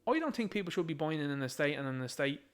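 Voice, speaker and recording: A man's voice: fairly high pitch, animated, quick pace, a bit bright, clean tone. A man with an Irish accent giving a combative, sarcastic political rant, mocking what he reads aloud. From Ireland. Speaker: political commentator.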